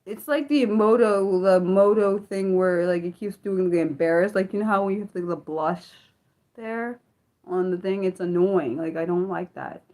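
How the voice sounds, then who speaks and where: A woman's voice: medium pitch, moderate pace, mellow. A young woman hosting an unscripted livestream, chatting in a rambling way with lots of filler words. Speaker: livestream host.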